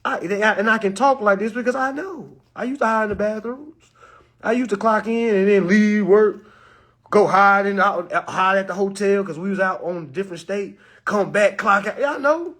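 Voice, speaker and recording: A man talking casually to his live-stream viewers, animated and preachy, full of slang, swinging between loud and soft. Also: high-pitched, moderate pace. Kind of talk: casual motivational talk to viewers.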